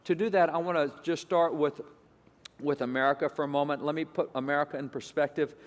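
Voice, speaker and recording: A man's voice: on the high side, steady tone, brisk, in a large hall. A man giving an emphatic, repetitive lecture to an audience. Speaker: speaker.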